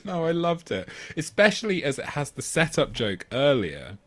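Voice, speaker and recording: A film podcast co-host with a fairly high, sing-song voice talks at a normal speed in casual chat. He rambles, often restarts his sentences, laughs often while talking, and keeps asking "do you know what I mean."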